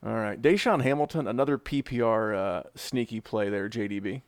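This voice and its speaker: A man hosting a casual podcast mock draft, teasing the other analysts in quick banter. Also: fairly low pitch, clear, resonant tone, dry recording. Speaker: host running a mock draft.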